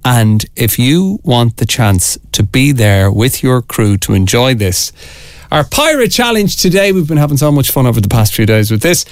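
An upbeat man presenting a radio show in an energetic, sing-song announcing voice. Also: medium pitch, normal speed, no echo. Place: radio studio. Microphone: studio mic.

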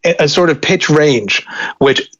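A man's voice: a little high, animated, measured pace, a bit bright. Thoughtful man explaining, slightly muffled audio. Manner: thoughtful, many restarts and repeated words. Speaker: linguist guest. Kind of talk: conversational expert explanation.

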